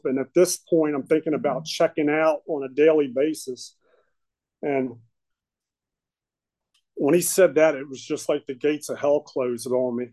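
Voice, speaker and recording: A man sharing his recovery story at a meeting, talking haltingly with many fillers and restarts. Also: on the high side, steady tone, darkish tone, low-quality recording. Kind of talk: personal testimony at a recovery meeting.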